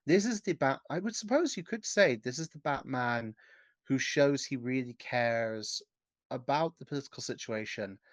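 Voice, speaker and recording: A man with a mid-range voice co-hosts a casual podcast discussion. He speaks in a measured, thoughtful way, often trailing his points off with "and such". The recording is dry, with no room sound. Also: medium pitch, dry recording. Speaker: podcast co-host.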